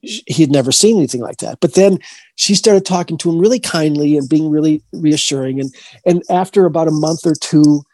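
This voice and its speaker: A man, a paranormal investigator, telling a long story in a casual interview, rambling and halting with many restarts. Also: on the high side, darkish tone, no echo.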